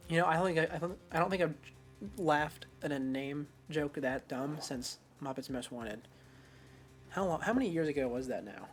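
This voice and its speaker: A woman's voice: sits low, normal speed. A woman streamer giving chatty, self-mocking commentary while playing a game. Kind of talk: let's-play commentary. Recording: faint game music behind.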